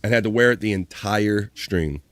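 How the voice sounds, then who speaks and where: A man's voice: lowish voice, normal speed, fairly bright tone, dry recording. A man hosting a live stream, recapping in a rambling, casual way with fillers. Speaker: host.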